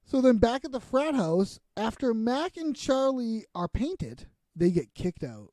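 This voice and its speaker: Chatty man with a mellow, lively voice. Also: very high-pitched, a little slow, no echo. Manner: rambling, chatty, laughs often. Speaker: podcast co-host. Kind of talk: casual chat recapping a TV episode.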